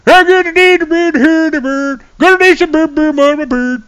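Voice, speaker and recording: A man doing a babbling mock-Swedish soldier. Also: moderate pace. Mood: babbling, urgent. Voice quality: high, loud, babbling mock accent. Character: mock-Swedish male soldier barking over radio. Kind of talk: comic impression on a live stream.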